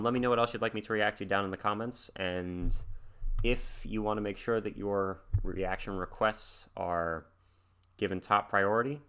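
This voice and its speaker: A man's voice: fairly low pitch, vocal fry, a bit bright. A man hosting a music reaction video, thinking aloud in a rambling, casual way with many fillers. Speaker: music reaction channel host.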